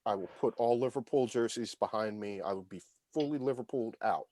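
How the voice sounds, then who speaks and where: A man's voice: lowish voice, fairly quick, dark tone, no room sound. A man hosting a casual soccer podcast roundtable over a video call. He is jokey and keeps the segment moving. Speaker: podcast host.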